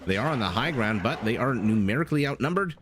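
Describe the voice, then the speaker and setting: A man's voice: medium pitch, animated, quick pace, a bit bright, a little hiss or hum. A man casting a strategy game live, chatting with viewers and laughing often between play-by-play calls. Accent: non-standard English accent (hear 'dollar' rounded). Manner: chatty, laughs often, reads chat aloud. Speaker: game caster. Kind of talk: live game commentary with chat banter.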